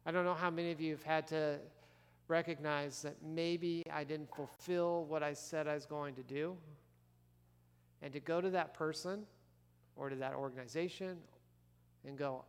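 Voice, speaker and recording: A pastor with a fairly high, smooth, steady voice preaches a sermon at a moderate pace. His style is conversational, asking the congregation questions, and the recording carries the long reverb of a large, echoing church hall.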